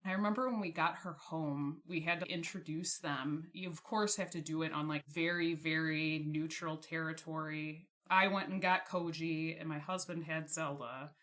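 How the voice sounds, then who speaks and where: Bright-voiced chatty young woman. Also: low-pitched, fairly even intonation, normal speed, few pauses. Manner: chatty, laughs often, fillers like "like". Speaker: podcast guest. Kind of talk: casual storytelling.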